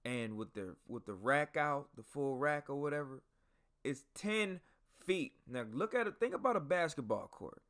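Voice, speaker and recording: A man's voice: fairly high pitch, animated, normal speed, fairly bright tone. A man hosting a podcast, telling stories casually and profanely, talking straight to his listeners. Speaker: podcast host. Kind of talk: casual storytelling.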